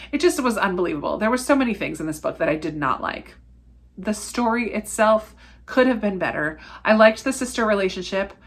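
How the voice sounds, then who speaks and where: Woman chatting about books she read, candid, laughs a lot, kinda rambly, normal pitch. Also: a bit bright. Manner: chatty and candid, laughs often, trails off and restarts. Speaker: book reviewer. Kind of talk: casual book review vlog.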